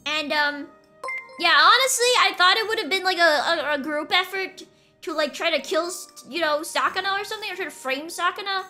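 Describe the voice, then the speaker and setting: A young woman streaming a game, chatting in a bubbly, excitable way and squealing when delighted. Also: extremely high pitch, a little fast, soft background music. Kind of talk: casual game stream commentary.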